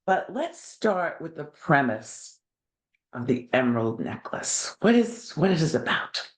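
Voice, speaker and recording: Woman, New York accent, podcast host, slow unhurried delivery, chatty, enthusiastic. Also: deep voice, big pitch swings. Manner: enthusiastic, chatty, laughs often. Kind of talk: casual interview chat.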